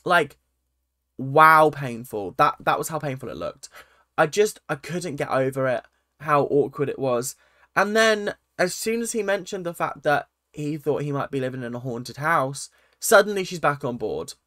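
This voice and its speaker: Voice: mid-range voice, animated, moderate pace, pushed and bright, dry recording, clean studio sound. Sarcastic reality TV vlogger. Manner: exasperated, sarcastic, repeats phrases. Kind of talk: casual reaction commentary.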